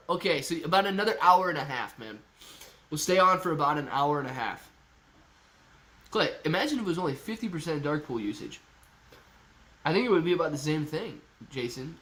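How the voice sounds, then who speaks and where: A man with a fairly high voice, sounding stuffy and congested, hosts a relaxed live stream. He chats loosely, jokes around and reads viewers' comments out loud. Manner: reads chat comments aloud, joking and chatty. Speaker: livestream host. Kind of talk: casual live stream chat.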